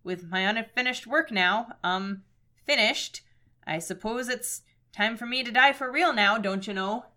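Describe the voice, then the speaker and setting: A woman voicing a polite ghost king with a slow, folksy Minnesota accent. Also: fairly high pitch, bright, forceful tone. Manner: chirpy, slow folksy drawl with tag phrases.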